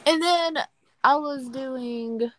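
A woman's voice: high voice, very slow, fairly bright tone. A woman co-hosting a casual gossip podcast, telling a story about work in between short replies. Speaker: podcast co-host.

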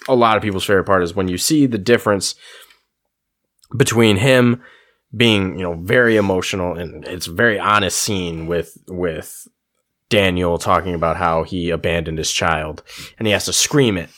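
A man co-hosting a casual film discussion, animated and swearing often, with many fillers. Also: low voice, normal speed. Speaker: podcast co-host.

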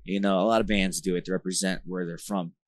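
A man with a very low voice chats loosely as a podcast guest, leaning on "like" and "bro" as he rambles through stories. The sound is close and dry, with no room echo. He grew up in New Jersey. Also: fast talker. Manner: rambling, filler-heavy slang talk with frequent "like" and "bro"; animated, gets louder when retelling tense moments. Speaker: band vocalist, podcast guest. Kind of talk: casual conversational storytelling.

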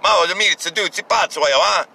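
Man mimicking a swaggering Italian mob boss, gravelly, sharp and bright, mocking exclamations. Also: high-pitched, fast talker, exaggerated voice. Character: blustering Italian mob boss, male, middle-aged.

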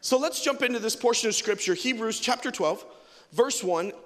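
A man's voice: extremely high pitch, expressive, normal speed, fairly bright tone. A man preaching a sermon as pastor, impassioned and calling out to the congregation for responses. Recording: long reverb of a large hall.

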